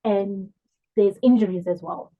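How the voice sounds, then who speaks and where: A woman's voice: mid-range voice, a little slow. A woman co-hosting a podcast, chatting casually and giving reflective advice. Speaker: podcast co-host. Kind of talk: casual recap chat. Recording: phone-like narrow sound.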